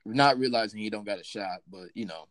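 A young man hosting a casual podcast, teasing his guest with quick interjections. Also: fairly low pitch, a bit bright, no room sound. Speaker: podcast host.

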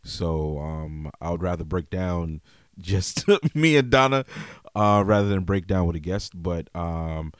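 A man hosting a podcast, talking openly in a relaxed way full of "yo" and "you know what I mean". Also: deep voice, measured pace, clean tone, no echo, clean studio sound. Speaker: podcast host. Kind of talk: casual podcast chat.

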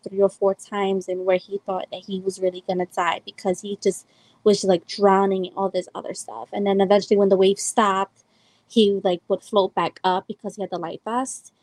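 A podcast host from El Salvador, in her twenties, meanders through a personal story, with "like" and "um" cropping up constantly. Her voice is mid-range, and the recording is dry and low quality.

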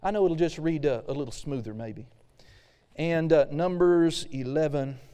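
A male pastor delivers a relaxed, conversational sermon, reading scripture and voicing the people's complaints for effect. His voice is mellow and sits a little high for a man. It carries the long reverb of a large hall. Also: moderate pace, clear, resonant tone. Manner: casual preaching with reading aloud and acted-out quotes.

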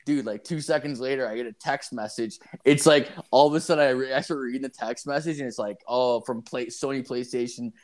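A man's voice: medium pitch, fairly quick, hardly any pauses. A man co-hosting a podcast, talking in a crude, rambling way full of swearing and "like". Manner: profane, rambling, heavy "like" filler. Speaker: podcast co-host. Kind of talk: crude casual chat.

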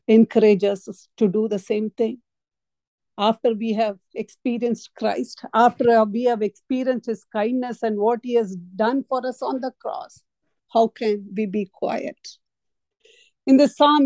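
A woman's voice: high voice, dark tone, no room sound, rough recording. A woman preaching a sermon, telling a story in an earnest, emphatic way.

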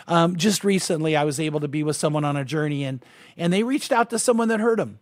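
A man with a high-pitched voice preaches to his congregation. He talks earnestly and with emphasis, and he often stumbles and restarts mid-sentence with fillers. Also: fast talker. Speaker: pastor. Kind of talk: sermon.

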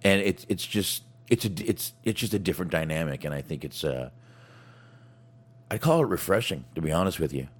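A man hosting a casual chat, talking in a halting way with frequent restarts and fillers. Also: low voice, big pitch swings. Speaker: podcast host.

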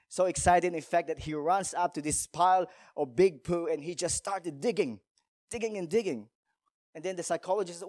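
Male pastor, emphatic sermon, fairly high voice, dry close sound, rhetorical questions. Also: a little mellow, dry recording.

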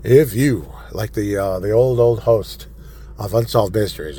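A man's voice: fairly low pitch, a little slow, mellow, slight background noise. A man hosting a solo podcast, casually reading news items and ranting with opinionated asides. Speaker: podcast host.

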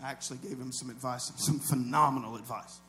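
A man preaching a sermon as a pastor, talking to the congregation in a conversational way, dropping to low asides and building to loud shouted peaks. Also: fairly even intonation, brisk, slight background noise.

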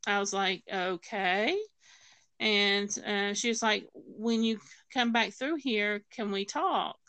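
A woman's voice: medium pitch, slow, pushed and bright, smooth, dry recording, rough recording. A woman telling a personal story as a guest, acting out the voices of others and using many fillers and restarts. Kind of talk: personal testimony in conversation.

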